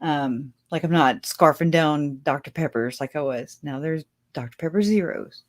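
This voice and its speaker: Speaking at a moderate pace in a low voice, this woman runs a laid-back livestream. She chats and rambles, laughs a lot, and talks straight to the people watching.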